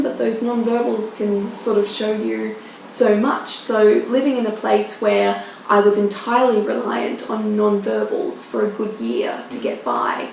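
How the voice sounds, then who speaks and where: A woman's voice: medium pitch, gravelly, a little mellow. An Australian woman in her thirties, a journalist telling anecdotes in a podcast interview, acting out the voices she quotes. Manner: chatty storyteller, acts out quoted voices. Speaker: journalist guest. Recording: very echoey room, faint noise.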